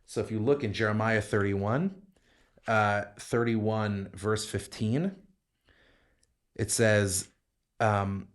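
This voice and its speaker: A man with a fairly low voice leads a podcast Bible study as a rabbi. He walks through verses step by step and quotes Hebrew lines. His speech is full of restarts and asides. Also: fairly even intonation, takes it slowly, long pauses. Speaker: rabbi co-host explaining scripture.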